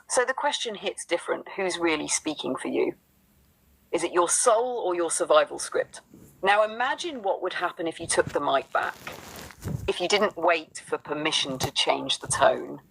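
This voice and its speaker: A woman's voice: deep voice, gravelly, a bit bright, slightly rough, rough recording. A woman co-hosting a spiritual talk, speaking in a rhythmic, affirming spoken-word cadence. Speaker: co-host.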